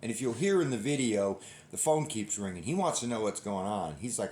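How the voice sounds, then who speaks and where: A man's voice: fairly low pitch, expressive, brisk, a little mellow. A middle-aged man hosting a hunting channel, telling a long story in a folksy, rambling way and often restarting his sentences. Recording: roomy echo.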